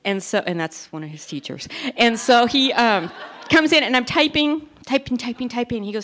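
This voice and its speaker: A woman in her forties performing a self-deprecating stand-up comedy routine, telling stories with animated delivery. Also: a little high, fairly quick. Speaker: stand-up comic.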